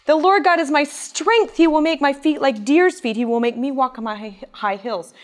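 A woman with a slightly high voice gives an earnest Bible teaching. Her delivery is expressive, rising with emphasis, and she reads scripture aloud in a measured tone. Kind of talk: sermon-style Bible teaching.

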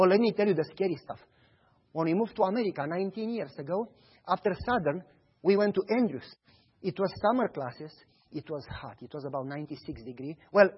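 A man preaching a sermon, telling stories in an animated way and acting out the dialogue. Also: high voice, slightly rough, lo-fi sound. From Romania. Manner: animated storytelling, acts out dialogue.

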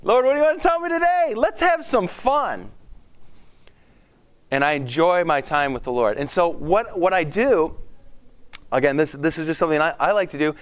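A man, a school principal, giving a lively devotional talk to a live audience, often restarting his sentences and acting out his own prayers. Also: a little high. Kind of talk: sermon-style devotional talk.

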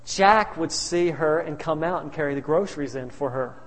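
A man's voice: on the high side, moderate pace, a bit bright, slight background noise. A male pastor telling stories in a sermon, humorous and anecdotal with chuckling asides. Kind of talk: sermon storytelling. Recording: reverberant hall.

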